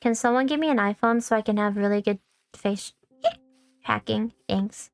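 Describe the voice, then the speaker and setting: A young woman's voice, a little high and creaky, comes through a dry recording at a moderate pace. She's a VTuber rambling casually on a gaming stream, swearing a lot and self-mocking, with faint music in the background.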